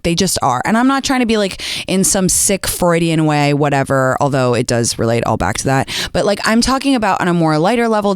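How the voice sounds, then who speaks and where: A woman's voice: deep voice, smooth, no room sound, studio quality. A woman hosting a call-in advice show, talking frankly and casually with lots of "like" and some swearing. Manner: chatty, frank, says "like" a lot, swearing.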